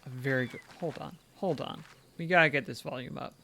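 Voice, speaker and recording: A man's voice: medium pitch, a little fast, gravelly, sharp tone, slight background noise. A man streaming a game who comments playfully and coos at his pet between lines. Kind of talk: casual gameplay commentary.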